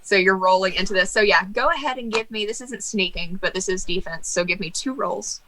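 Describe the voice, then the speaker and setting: A young woman leads a tabletop role-playing session as game master. Her voice is bright and clear, and she narrates in an animated way, breaking into laughter and teasing the players with mock outrage. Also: medium pitch, fairly quick, a little hiss or hum, low-quality recording.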